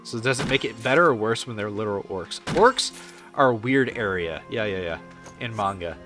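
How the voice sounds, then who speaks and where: Bright-voiced, profane male streamer. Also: lowish voice, fairly quick, faint music behind. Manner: rambling, profane, answers chat. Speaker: game streamer. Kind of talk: casual stream chat.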